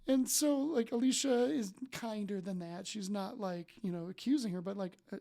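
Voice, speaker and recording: A man coaching his followers with earnest, faith-filled storytelling, animated and full of restarts and "like". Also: sits high, moderate pace, vocal fry, hardly any pauses. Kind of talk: casual spoken storytelling to followers.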